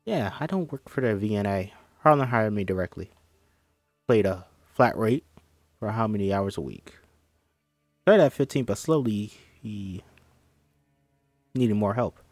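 A man's voice: fairly low pitch, expressive, measured pace, pauses often, no room sound. Nervous young nurse, read plainly by a man, dry room with faint music. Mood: earnest. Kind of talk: screenplay table read.

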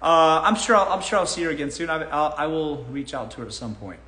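A man hosts a live dating Q&A and gives advice bluntly, swearing freely. His voice sits a bit high and bright, and it jumps around a lot in pitch. The recording has a roomy echo. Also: quick pace. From Los Angeles. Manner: blunt, profane, animated.

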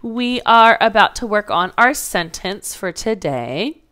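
A woman's voice: mid-range voice, big pitch swings, slow pace, fairly bright tone. A woman teaching a phonics lesson to young children, patiently sounding out letters and words.

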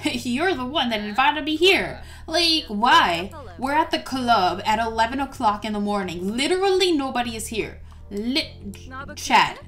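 A woman casually talking through her gameplay in a high, light voice. She is excitable and giggly and fills pauses with ums. Quiet music plays underneath her. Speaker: gameplay video host. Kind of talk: casual game commentary.

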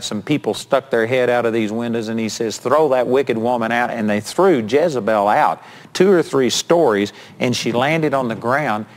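Man, preacher, storytelling sermon, mid-range voice, acts out the quotes. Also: medium pitch. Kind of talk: retelling a Bible story in a sermon.

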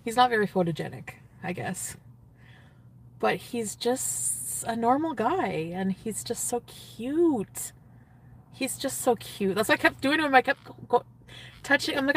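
A woman's voice: a little high, animated, a little slow, a bit bright, distant mic. A woman talks casually on a phone livestream from inside a parked car. She is giddy and gushing, and she keeps answering her chat between sighs and laughs.

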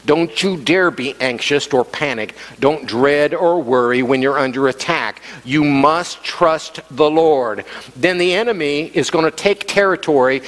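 A man preaching a sermon as pastor, animated and acting out the quoted voices. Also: on the high side. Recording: long hall reverb.

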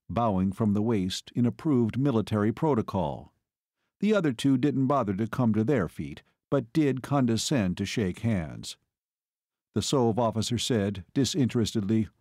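A man narrating a novel as an audiobook, in a measured storytelling manner. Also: fairly low pitch, animated, darkish tone, no room sound, clean studio sound. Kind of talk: scripted narration.

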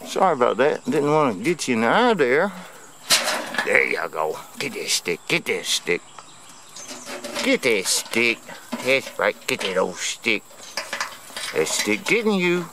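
A man's voice: mid-range voice, noisy background. A man, vlogging outdoors in a yard. He gives playful, teasing commentary in a sing-song, taunting way. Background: insects and crickets.

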